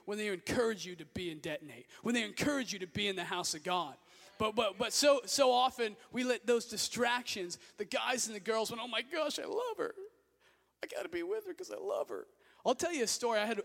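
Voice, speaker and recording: High-voiced youth pastor preaching in a hall. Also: male voice. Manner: energetic, exhorting, shouts often. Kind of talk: sermon. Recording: echoey hall.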